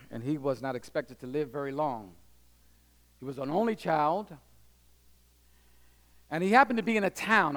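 A man preaching a sermon, telling a story with drama and acting out the people in it. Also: a little high. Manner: dramatic storytelling, acting out voices, asks the audience if they are listening. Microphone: handheld or stand microphone.

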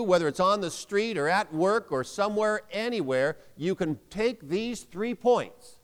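A man's voice: sits high, smooth, long reverb tail. A man preaching a sermon, emphatic, having the congregation repeat phrases aloud.

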